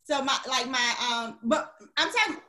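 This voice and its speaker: A woman co-hosting a podcast, chatting casually and animatedly with quick restarts. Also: sits high, expressive, pushed and bright, echoey room. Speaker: podcast co-host. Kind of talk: casual chat.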